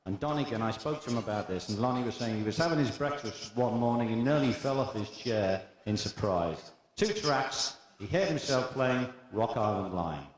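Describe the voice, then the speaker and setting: An older man, a band's frontman, chatting between songs at a live show and telling stories with quick asides. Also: mid-range voice, lively intonation. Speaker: band frontman. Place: concert hall stage. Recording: echoey live hall with band.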